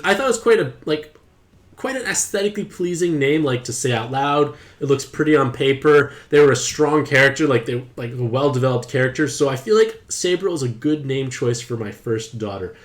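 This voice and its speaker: A man's voice: mid-range voice, a little fast. Chatty, playful young man streaming a game. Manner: chatty and playful, excited outbursts. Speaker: gaming streamer. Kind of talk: casual game commentary to live chat.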